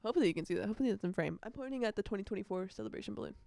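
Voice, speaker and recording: A woman's voice: medium pitch, very fast, creaky, dark tone, no room sound. A young woman hosting her own casual podcast, rambling chattily and breaking into snatches of song. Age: young adult. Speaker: podcast host. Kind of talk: casual solo podcast chat. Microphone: earbuds.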